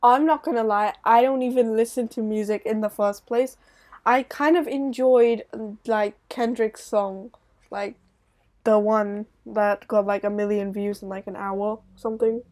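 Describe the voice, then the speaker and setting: A woman's voice: fairly high pitch, fairly even intonation, measured pace, a little mellow. A young woman with a light British accent, co-hosting a podcast in loose, rambling casual chat and laughing easily. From Britain.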